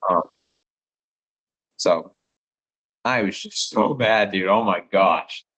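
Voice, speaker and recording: A young man, a missionary phoning home, telling rambling, excitable stories full of fillers. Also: low voice, slow, breathy edge, poor audio. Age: young adult. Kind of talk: casual phone chat with family.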